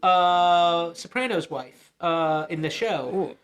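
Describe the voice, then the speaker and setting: A man in casual podcast chat, interjecting in halting, profane bursts. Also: on the high side, a loud crowd.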